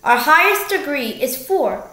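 A woman's voice: high-pitched, lively intonation, bright, forceful tone. A young woman casually walking through algebra problems, correcting herself along the way and joking now and then. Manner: slow, self-correcting, jokey. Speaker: math tutor. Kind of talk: casual math walkthrough. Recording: echoey room.

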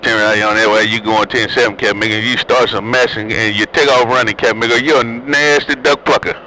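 In poor audio, a man on the CB radio banters with other drivers, joking and teasing in slang. He speaks fairly quickly in a pushed, bright, mid-range voice with fairly even intonation.

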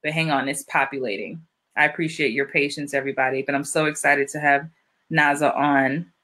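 A woman's voice: low-pitched, fairly even intonation, a little fast, bright, forceful tone. A woman hosting a live-streamed interview as an acting coach, upbeat and chatty, greeting viewers by name.

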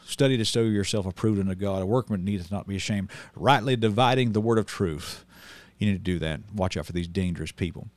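A middle-aged man preaching in a heated commentary video, swinging from loud outrage to low calm and often repeating words. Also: no echo. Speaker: street preacher and channel host.

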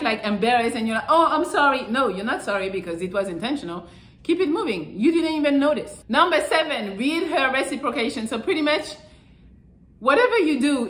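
A woman talks through dating advice in a loose, blunt way, swearing freely. Her voice sits a little high, and the room gives it a noticeable echo. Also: fairly bright tone. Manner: frank and profane, acts out little quotes. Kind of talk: casual advice talk to camera.

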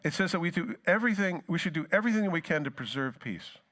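A man's voice: expressive, fast. A male pastor preaching a sermon, reading scripture dramatically and talking to the congregation in casual asides. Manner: dramatic scripture reading, rising loud then dropping low.

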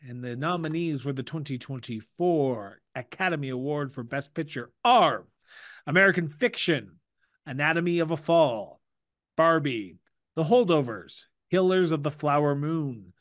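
A man's voice: on the high side, animated, normal speed, a bit bright, dry recording. Dry-humored Canadian man, close dry mic. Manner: dry, teasing, mock-indignant. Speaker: podcast co-host. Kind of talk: casual chat.

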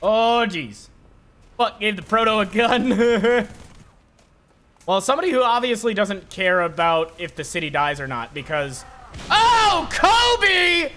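Male streamer, high and bright tone, slow easygoing talk broken by excited shouts. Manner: excitable, swears often, shouts at enemies. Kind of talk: live gameplay commentary.

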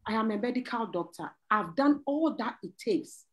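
A woman's voice: a little high, lively intonation, moderate pace, slight background noise, rough recording. Earnest woman, pleading, laughing. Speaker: panel guest. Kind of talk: church talk show sharing testimony.

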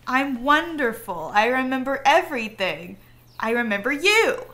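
A woman's voice: high-pitched, animated, unhurried, bright, forceful tone, exaggerated voice. Minnie Mouse, read by a woman. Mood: tender. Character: sweet gentle female cartoon mouse. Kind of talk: reading game dialogue aloud.

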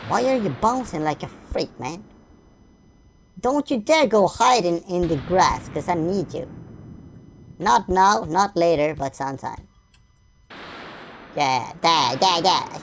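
Playing through a game, a woman keeps up silly, sing-song chatter with herself, humming and making up nonsense words. Her lowish voice swings widely in pitch, moving at a measured pace with long pauses, over a faint hiss or hum.

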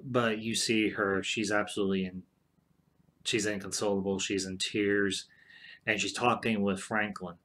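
Low, flat-voiced man recapping a TV plot. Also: a little slow. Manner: rambling, many fillers and restarts. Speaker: show commentator. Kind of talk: casual retelling of a TV plot.

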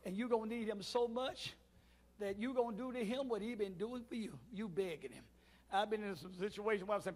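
Man, middle-aged pastor, very high pitch, rousing sermon cadence, loud shouts and hushed asides. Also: a little fast. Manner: swings from shouting to near-murmur, preacher cadence. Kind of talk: call-and-response sermon. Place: church sanctuary.

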